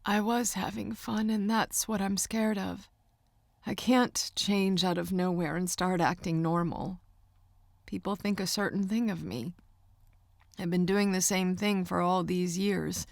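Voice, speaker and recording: Anxious young artist in an audiobook, a woman reading her, strained and halting, dry close sound. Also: lowish voice, fairly even intonation, creaky, no room sound. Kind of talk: audiobook character voice.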